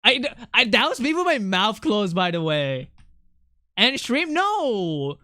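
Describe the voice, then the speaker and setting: A streamer talks casually while drawing, rambling, cutting in on themself and swearing freely. The voice is bright and clear, and it sits close to a desk mic in a dry space. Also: medium pitch, very animated, slow pace, dry recording. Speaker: streamer and artist.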